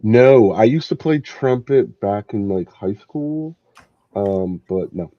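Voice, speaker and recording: A man's voice: lowish voice, lively intonation, slow pace, no echo. A young man co-hosting a podcast in casual chat, laid-back and filling his talk with "like". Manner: laid-back, many filler likes. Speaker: podcast co-host. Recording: dull dry lo-fi mic.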